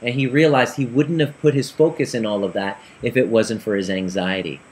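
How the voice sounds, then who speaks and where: A man's voice: medium pitch, fairly quick. Earnest man telling a client story. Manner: earnest, animated storytelling with quoted dialogue. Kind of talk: storytelling talk.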